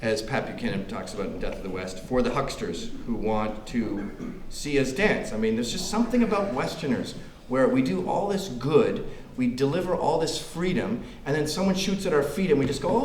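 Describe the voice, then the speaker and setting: A man's voice: medium pitch, lively intonation, a little fast, a little mellow. A man giving a comedic, provocative speech to a live audience at a club event, acting out quoted voices. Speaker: guest speaker at a club event. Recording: echoey room with background noise.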